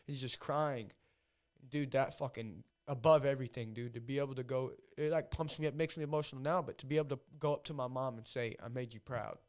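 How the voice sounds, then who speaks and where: Brief: male fighter guest, mid-pitched, talks with swearing and raw emotion in a relaxed podcast chat. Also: a little fast, clean tone. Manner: emotional, heavily profane storytelling.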